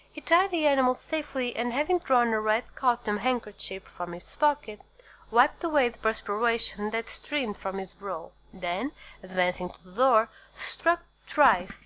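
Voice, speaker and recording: A woman's voice: fairly high pitch, low-quality recording. Woman narrating a classic novel. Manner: steady, measured storytelling. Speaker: audiobook narrator. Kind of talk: scripted narration.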